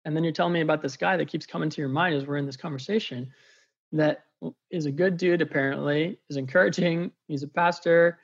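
Brief: eager male storyteller, fairly high voice with rasp, dull recording. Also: a little fast. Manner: excitable, chatty, many fillers. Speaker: faith coach. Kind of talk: animated storytelling testimony.

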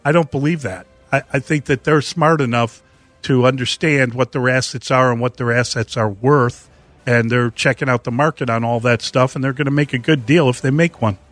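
A man hosting a sports talk discussion in a chatty, animated way. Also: mid-range voice, normal speed, no room sound, soft background music.

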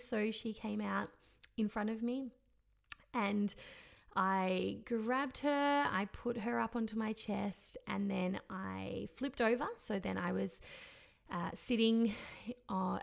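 A young woman telling her own birth story at home, emotional and heartfelt, often halting and repeating herself. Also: mid-range voice, gravelly. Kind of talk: personal storytelling.

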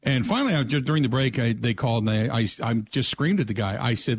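A man's voice: mid-range voice, quick pace, slightly rough. A man hosting a sports talk radio show, chatting casually and ranting in exasperation. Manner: exasperated, ranting, animated storytelling.

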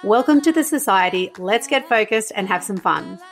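A middle-aged woman hosting a podcast and coaching on marketing, talking in a chatty, encouraging way, her voice hoarse from a cold. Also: mid-range voice, expressive, normal speed, soft background music. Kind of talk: casual podcast talk.

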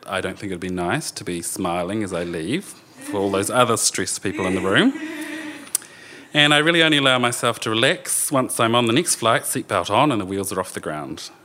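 New Zealand man, storyteller on stage, animated pitch, earnest. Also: normal speed. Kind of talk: live storytelling. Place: live theatre stage.

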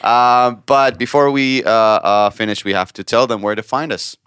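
A man's voice: medium pitch, fairly even intonation, normal speed, a bit bright, clear, resonant tone, no room sound, studio quality. A man with an Israeli accent, co-hosting a podcast as a comedian, chatting casually, joking and laughing a lot. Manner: jokey, laughs a lot, repeats words.

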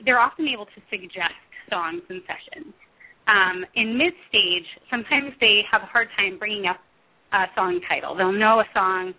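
A woman in her thirties speaks as a guest over a tinny, phone-like line. Her pitch sits in a middle range. She talks thoughtfully, pausing on fillers and correcting herself as she explains her work. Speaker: music therapist guest. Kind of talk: interview answers.

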